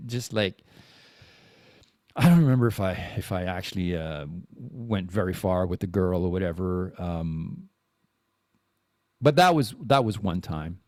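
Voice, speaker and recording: Low-pitched and darkish in tone, this forties-aged podcast host speaks animatedly but a little slowly, pausing often. The clean studio sound has no room sound, and his casual confessional monologue rambles candidly and self-deprecatingly, heavy on profanity and restarts.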